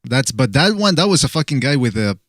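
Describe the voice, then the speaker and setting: A man's voice: medium pitch, big pitch swings, a little fast, fairly bright tone, no room sound. A man hosting a call-in boxing podcast, taking callers in an easygoing, profane way, his speech a little mushy. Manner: laid-back, profane, easygoing. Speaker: podcast host taking calls. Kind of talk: casual call-in show banter.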